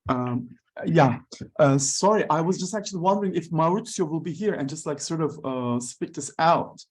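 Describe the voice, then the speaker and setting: Hesitant voice, many fillers, switches between German and English, video call audio, mid pitch. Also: lively intonation, normal speed, darkish tone. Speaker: conference participant. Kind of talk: unscripted chat on a video call.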